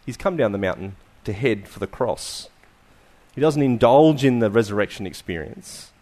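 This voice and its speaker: A man preaching a sermon, asking rhetorical questions and letting his phrases fall to quiet endings. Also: on the low side, expressive, normal speed.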